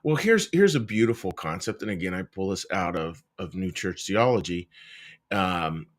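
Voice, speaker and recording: Man, middle-aged, minister, gentle devotional talk, conversational, restarts often, small cabin room. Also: sits low, expressive, normal speed. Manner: gentle, conversational, warmly addresses listeners as folks; frequent restarts and searching for words. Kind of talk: daily devotional reflection to camera.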